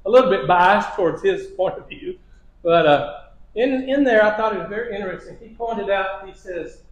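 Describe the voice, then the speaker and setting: A man's voice: high voice, moderate pace, lo-fi sound. A man giving a church lesson, telling history stories with repeated phrases and small chuckles. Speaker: preacher. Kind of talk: sermon lesson. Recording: echoey church hall.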